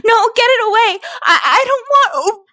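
A woman voicing a frightened young woman pleading, in high, shrill cries. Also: expressive, normal speed, bright, forceful tone, exaggerated voice. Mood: pleading, distressed.

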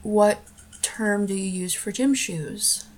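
A woman's voice: mid-range voice, slow, darkish tone. A young American woman doing a casual accent-tag video, giggling often between her answers. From United States. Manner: giggly, laughs between words. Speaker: vlogger.

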